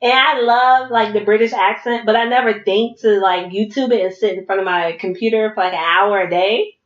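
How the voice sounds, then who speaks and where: A woman hosting a casual podcast chat, laughing often and talking in quick bursts. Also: mid-range voice. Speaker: podcast host. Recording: echoey room, dull lo-fi sound.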